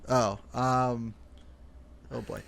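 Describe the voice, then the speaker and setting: A young podcast co-host tells a rambling story, swearing freely and saying "like" a lot among other fillers. His medium-pitched voice is level, very slow, and a bit bright, with vocal fry.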